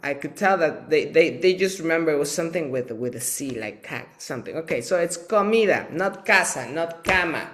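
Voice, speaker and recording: A man teaching a live bilingual Spanish lesson, running slow vocabulary drills where he calls out words for viewers to repeat, with chatty asides in between. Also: on the high side, animated, fairly bright tone.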